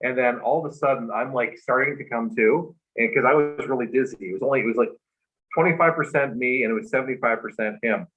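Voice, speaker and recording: A man's voice: medium pitch, quick pace, narrow, tinny audio. A man guest on a talk show, earnestly telling a personal story in a rambling way, full of "like" and "you know".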